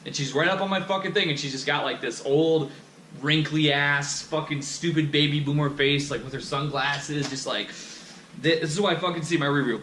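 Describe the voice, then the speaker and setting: A man's voice: fairly high pitch, fairly even intonation, normal speed, pushed and bright. A young man ranting in a casual monologue, swearing constantly and sounding heated and exasperated, recorded on an action camera. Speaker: vlogger. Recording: echoey room, faint background noise.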